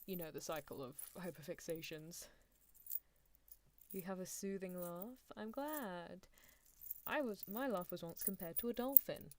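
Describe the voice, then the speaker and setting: A woman on an ASMR stream, rambling in a soft voice and giggling often. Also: lowish voice, unhurried. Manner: rambling, giggly, self-deprecating.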